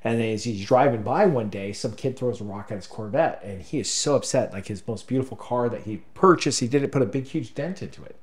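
A man co-hosting a podcast, telling a story in halting, emotional casual talk, choked up at times. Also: medium pitch. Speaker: podcast co-host. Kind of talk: casual conversation.

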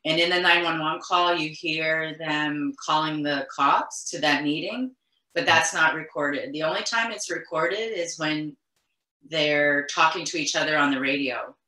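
A woman's voice: sits low, unhurried, pushed and bright. A middle-aged woman from Quebec, a guest in an interview, recounting events earnestly and insistently, often circling back and restarting her sentences. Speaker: interview guest, mother of the deceased. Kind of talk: emotional recounting in conversation. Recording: echoey room.

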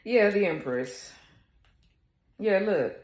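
A woman's voice: mid-range voice, expressive, takes it slowly, a little mellow, echoey room. A woman doing a casual tarot reading for her viewers, blunt, sassy and full of swearing. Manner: talks straight to viewers, laughing at times. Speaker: tarot reader.

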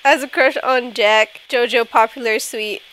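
A woman's voice: on the high side, fairly even intonation, measured pace, fairly bright tone. A woman giving playful gameplay commentary, giggling often and getting mock-indignant. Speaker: gaming YouTuber.

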